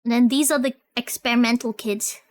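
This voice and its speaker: A woman streamer chatting casually while reacting to videos, excitable and giggly, often trailing off and repeating herself. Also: fairly high pitch, a little fast.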